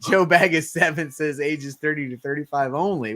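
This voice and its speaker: A man's voice: fairly high pitch, normal speed, bright, forceful tone. A man in his forties hosting a late-night livestream, chatting casually, laughing often and swearing freely. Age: 40s. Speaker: livestream host.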